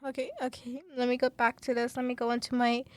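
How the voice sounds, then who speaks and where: A woman hosting a student radio podcast, talking with passion and many fillers, then reading her script in a calmer presenter voice. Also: on the high side, fast talker, no room sound. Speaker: podcast host.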